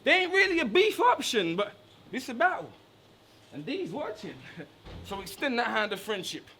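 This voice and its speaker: A man performing taunting rap verses at a live battle, shouting his punchlines at an opponent. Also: very high-pitched, sing-song, normal speed, slight background noise. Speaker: battle rapper.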